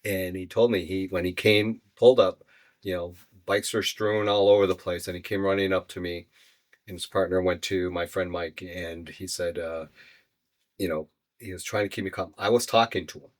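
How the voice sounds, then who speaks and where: A man with a deep, low voice tells his own story as a podcast guest. He speaks earnestly and haltingly, leaning on "you know" while he gathers his thoughts. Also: fairly even intonation. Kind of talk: personal storytelling in an interview.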